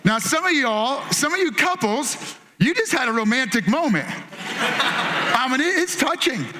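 A man in his thirties preaching a sermon as pastor, playful and animated, acting out family moments. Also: extremely high pitch, unhurried, noisy background. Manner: playful, animated storytelling with acted-out quotes.

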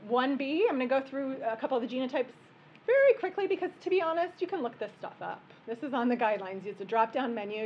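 A woman, a physician giving a relaxed, joking medical workshop lecture in a conference room. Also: sits high, highs cut off, slight background noise. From American Midwest. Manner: conversational and joking, explaining plainly.

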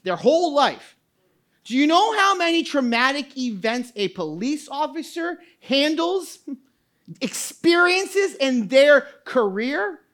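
A woman pastor preaching a sermon, emphatic and full of repeated questions. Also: high voice. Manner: emphatic, questioning, with quoted asides.

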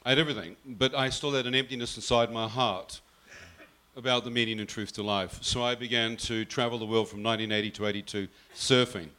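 A man tells his own story in a bright, forceful voice. He speaks earnestly and slips into his mother's words as he recounts them. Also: mid-range voice, steady tone, a little fast. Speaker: guest telling his testimony. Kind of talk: personal storytelling.

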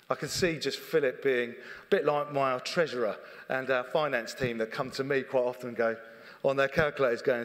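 A man's voice: medium pitch, brisk. A middle-aged man, a church leader, preaching a sermon in an earnest, conversational way and often repeating his phrases. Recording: long reverb of a church hall.

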